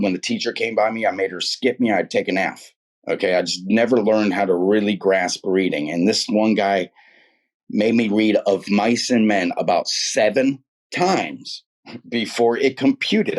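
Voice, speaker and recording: A middle-aged man telling his own life story in casual, earnest, rambling speech, full of "dude" and "man". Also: fairly low pitch. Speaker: guest telling his testimony. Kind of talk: casual personal testimony.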